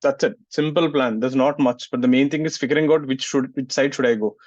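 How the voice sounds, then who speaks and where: A man's voice: mid-range voice, steady tone, fairly quick, a little mellow, no room sound. A male physics teacher, lecturing a class and scolding students who don't listen. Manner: scolds students, asks "getting it?" often. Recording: muffled, dry sound.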